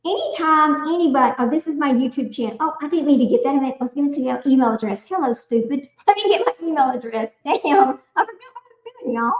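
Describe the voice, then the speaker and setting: A woman's voice: high voice, lively intonation, fast, hardly any pauses. A middle-aged woman hosting a casual livestream, chatting to viewers while fumbling with her screen. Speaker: livestream host. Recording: echoey, slightly dull home livestream audio.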